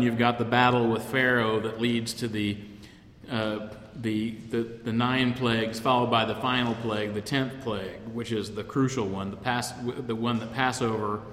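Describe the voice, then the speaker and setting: A man gives an informal Bible class lecture, speaking in a thoughtful, halting way and restarting his phrases as he goes. His voice carries a roomy echo with a long reverb tail. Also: mid-range voice, fairly even intonation, fairly bright tone, a little hiss or hum. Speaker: Bible study teacher. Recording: echoey room with long reverb.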